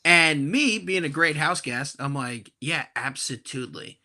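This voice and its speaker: A young man in his twenties telling a profane, animated story on a casual podcast. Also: fairly high pitch, measured pace. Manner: animated, profane, acts out quoted voices loudly.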